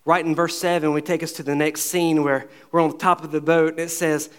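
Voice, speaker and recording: A man's voice: fairly high pitch, flat delivery, brisk, smooth. A man preaching a sermon to his congregation, asking rhetorical questions and acting out the dialogue of the scripture story. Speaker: pastor.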